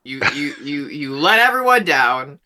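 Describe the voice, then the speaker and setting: A man's voice: fairly high pitch, very animated, unhurried, sharp tone. A man playing a tabletop game in character, haughty and scolding. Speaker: player.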